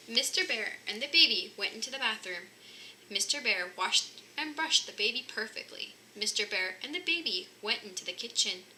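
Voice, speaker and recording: Here a woman of medium pitch reads aloud from a children's picture book, animated throughout and raising her voice for what the bear cubs say. A little background noise comes through.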